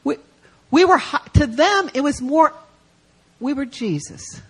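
A woman gives a sermon at a church service and tells it as a lively story. She lifts her voice high and loud for the exciting moments, then drops to a hush for the tender ones. She acts out the voices of the people in her story. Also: measured pace, long pauses, poor audio. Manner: animated, acts out quoted voices, swings from loud to hushed. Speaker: guest speaker.

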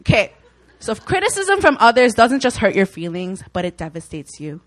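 A woman's voice: mid-range voice, big pitch swings, a little fast, poor audio. Earnest young woman giving casual Bible teaching. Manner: earnest, conversational, acts out worried inner voices. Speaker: Christian speaker.

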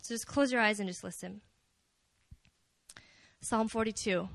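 A young woman giving a casual, story-driven talk at a church prayer meeting, chatty and animated, with many fillers. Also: mid-range voice, unhurried, vocal fry, pauses often, dry recording. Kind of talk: conversational sermon.

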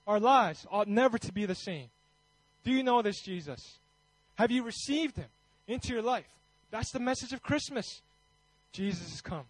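A man's voice: high-pitched, animated, normal speed, dry recording, low-quality recording. A man preaching a Christmas sermon in a conversational way, then leading a fervent prayer. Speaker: pastor.

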